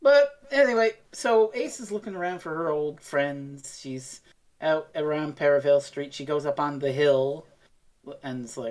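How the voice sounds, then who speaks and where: A woman's voice: deep voice, moderate pace, darkish tone. A woman co-hosting a podcast, casually retelling a television episode and acting out the scenes as she goes. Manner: loose and profane, acts out the scenes she retells. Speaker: podcast co-host.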